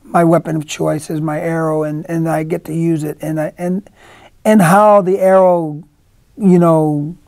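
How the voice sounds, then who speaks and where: A middle-aged man with a gravelly, fry-laden voice and a dark, mellow tone tells stories in a casual interview. He rambles and restarts often, slipping into quoted voices. The sound is dry and close. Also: fairly high pitch, level tone, unhurried, no room sound. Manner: rambling storyteller, many restarts, acts out quotes. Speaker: actor guest. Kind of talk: casual anecdotal interview talk.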